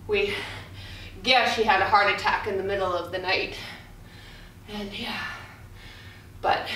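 Medium in pitch, pushed and bright, her voice carries a bit of background noise. She's a woman in her forties coaching a dumbbell workout, talking casually, laughing often and swearing from time to time. Echo fills the room, and she's recorded from afar.

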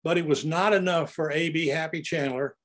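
A man's voice: a little high, fairly even intonation, brisk. An older man narrating his own photographs in an anecdotal, storytelling way as he presents them.

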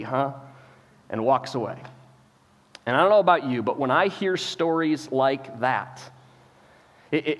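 A male pastor telling a story in a sermon, animated, acting out the people he quotes, often repeating words and saying "like.". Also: a little high, long reverb tail. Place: church auditorium.

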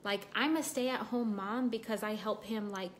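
A woman's voice: medium pitch, steady tone, moderate pace, slight background noise. A woman chatting casually on a livestream, reading viewer comments while she does her makeup, emotional about her broken foot. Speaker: livestream host.

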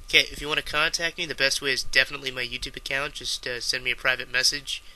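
A man's voice: medium pitch, level tone, fast, pushed and bright. A man, a voice actor, casually and modestly presenting his own voice demo. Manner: casual, modest, filler-laden. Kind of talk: voice demo reel.

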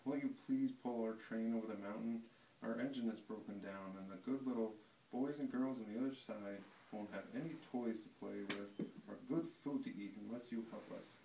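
A man's voice: fairly low pitch, moderate pace, dark tone, roomy sound, distant mic, slight background noise, natural voice, rough recording. A man reading as a chorus of pleading toys. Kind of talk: reading a picture book aloud.

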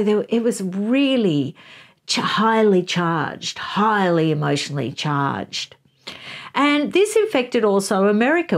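A woman hosting a book review show, talking through a chapter in an animated, conversational way. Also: lowish voice.

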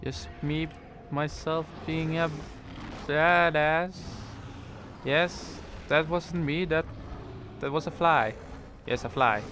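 A gamer provides let's play commentary on his playthrough, joking and addressing the characters on screen. His voice is a little high and fairly bright, slow with long pauses, with slight background noise behind him.

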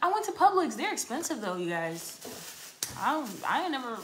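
A woman's voice: high-pitched, big pitch swings, fairly quick. A woman, the host's daughter, chatting sassily to viewers in a casual home vlog. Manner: sassy, chatty, addresses viewers as y'all. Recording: loud background noise.

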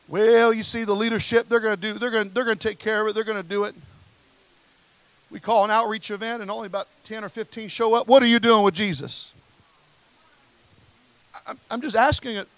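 A man's voice: very high voice, sharp tone, dry recording, poor audio. A male pastor preaching a Pentecostal sermon, impassioned, hammering his questions again and again. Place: church service.

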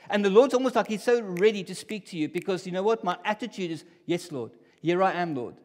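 A man preaching a sermon in a church hall, talking in a casual, conversational way that drops to near whispers and rises to loud bursts. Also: high voice, lively intonation, a little fast. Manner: conversational, swings from hushed to loud. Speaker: pastor. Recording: long hall reverb.

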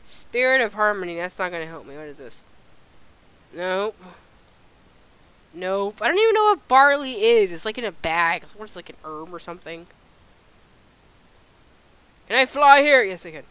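Lively, bright-voiced woman gamer. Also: lowish voice, moderate pace, long pauses, clean tone, no echo. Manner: animated, exasperated, thinking aloud. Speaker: gameplay video host. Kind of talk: casual let's-play commentary.

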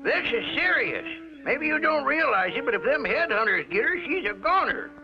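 High creaky backwoods swamp codger, old lo-fi cartoon sound. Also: male voice, sing-song, moderate pace. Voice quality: gravelly, drawling country talk. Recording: dull lo-fi 1950s TV soundtrack with music.

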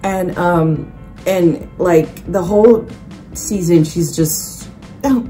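A young woman vlogging in a casual, animated way, sarcastic and full of restarts. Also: lowish voice, slow, soft background music. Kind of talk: casual chat.

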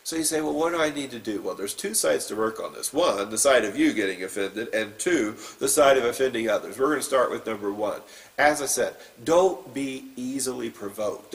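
A man's voice: mid-range voice, creaky, far from the mic, rough recording. A man preaching as a pastor, reading scripture and then giving an informal, plain-spoken sermon with some fillers.

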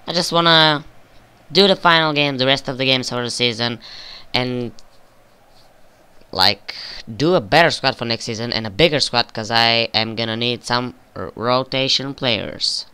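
A young man giving casual, profane commentary over a football video game he is playing, flaring up in frustration and excitement. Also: medium pitch, moderate pace, clear, resonant tone. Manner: swears often, flares up with frustration and excitement. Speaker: gaming video creator.

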